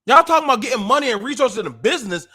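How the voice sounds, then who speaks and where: A man's voice: extremely high pitch, expressive, rapid-fire, breathy edge. Impassioned man preaching on a livestream. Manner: preachy, emotional, rising to shouts. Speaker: podcast host.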